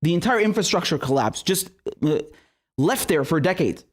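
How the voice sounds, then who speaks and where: A man's voice: fairly high pitch, lively intonation, moderate pace. Furious profane man ranting on a livestream. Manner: furious, profane ranting with frequent stammered restarts; reads viewer super chats aloud. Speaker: political commentary show host. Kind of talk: angry livestream commentary.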